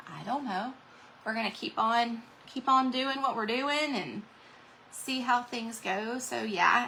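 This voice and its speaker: A woman's voice: medium pitch, creaky, pushed and bright, a little hiss or hum, poor audio. A middle-aged woman, rambling casually to viewers on a craft livestream while she paints. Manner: rambling, chatty, reads out viewer comments.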